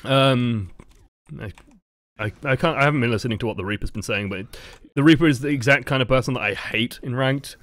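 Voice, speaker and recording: A man with a mid-range voice talks through game footage as a coach, relaxed and loose, circling his points with fillers and restarts. The sound is dry and close, with no room around it. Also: medium pitch, brisk, no room sound. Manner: relaxed and rambling, lots of fillers, self-corrections. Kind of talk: casual gameplay review commentary.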